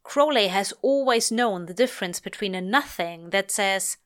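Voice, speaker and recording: A woman reading fiction aloud in a measured, lyrical way. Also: mid-range voice, lively intonation, fairly bright tone. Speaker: reader. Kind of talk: audiobook-style fiction reading.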